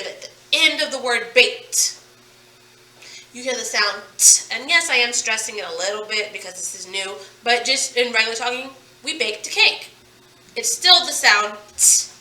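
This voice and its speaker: A high-pitched woman with a sharp tone teaches phonics, having fun exaggerating and stretching the sounds in each word. The recording is echoey, with her far from the mic.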